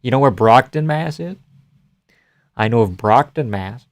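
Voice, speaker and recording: A young man from the Boston area talks loosely on his live stream, answering comments with crude, joking asides and frequent swearing. His voice sits at an ordinary middle pitch. The sound is dry, with no room echo. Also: lively intonation, measured pace. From Boston area, USA. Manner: joking, profane, laughs often. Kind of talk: casual live-stream chat, reading comments aloud.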